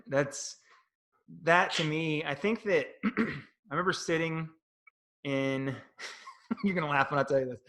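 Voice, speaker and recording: Bright-voiced man telling rambling stories. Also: on the high side. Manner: rambling, animated storytelling. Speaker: podcast co-host. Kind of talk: casual chat.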